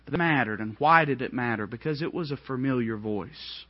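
A man preaching a sermon, swinging from hushed, low lines to ringing, high outbursts. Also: fairly quick, no room sound, highs cut off.

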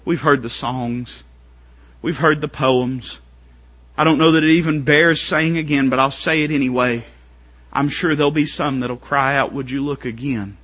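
A man preaching a sermon to his congregation, building up to shouted, strained pleading climaxes. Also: mid-range voice, steady tone, moderate pace, lo-fi sound.

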